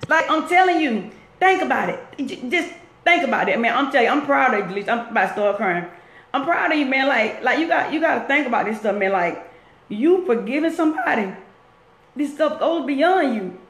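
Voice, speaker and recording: A woman's voice: high voice, animated, a little fast, a bit bright. A woman talking on a live stream from work, earnest and preachy, repeating her points as she encourages viewers. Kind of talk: casual live-stream talk. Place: at work, roomy space. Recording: echoey room.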